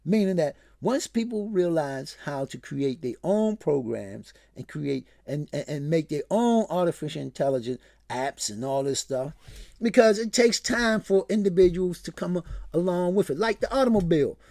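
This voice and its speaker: A man's voice: sits high, expressive, normal speed, darkish tone, no echo, studio quality. A man hosting his own show, giving a rambling and impassioned solo commentary. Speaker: show host.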